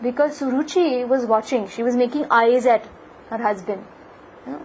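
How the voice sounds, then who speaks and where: محاضرة بصوت عالٍ تروي قصة دينية بحيوية، مع ضوضاء خفيفة في الخلفية. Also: female voice, on the high side, normal speed, a little hiss or hum, rough recording. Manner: animated, frequent "you know" fillers. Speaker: lecturer. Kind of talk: devotional storytelling lecture.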